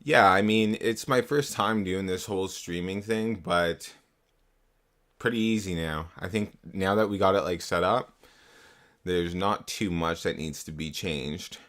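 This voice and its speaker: Young male streamer, lowish voice, loose and profane, chatting into a desktop mic at home. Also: fairly bright tone. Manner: casual, swears often, repeats himself. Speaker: livestreamer. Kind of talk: casual live stream chat. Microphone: desktop USB mic.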